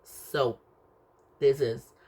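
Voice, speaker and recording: A young man speaks very slowly as he works through a class project presentation. He halts often and restarts words partway through. His pitch sits in a mid range for a man. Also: fairly even intonation, a little mellow, breathy edge. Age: young adult. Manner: halting, restarts words, slow and deliberate. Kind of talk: reading out a recorded class presentation.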